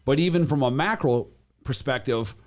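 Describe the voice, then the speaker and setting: A man from Wisconsin who sells real estate, chatting casually on a panel, animated and joking, often restarting his sentences. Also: medium pitch, moderate pace.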